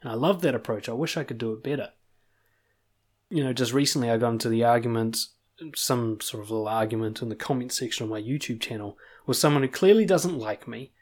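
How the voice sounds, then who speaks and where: A man's voice: medium pitch, a little fast. Blunt, swearing New man coaching. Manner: blunt, swears freely, animated emphasis. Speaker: confidence coach. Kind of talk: motivational monologue.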